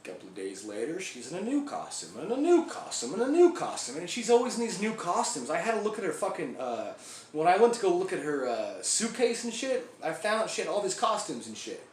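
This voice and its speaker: A man's voice: high-pitched, huge pitch swings, fairly quick. A man doing a foul-mouthed rambling biker. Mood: crude ranting. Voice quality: profane, rambling storyteller. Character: crude foul-mouthed male biker gang member. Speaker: actor performing a monologue. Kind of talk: comic acted monologue. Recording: echoey room, faint background hiss.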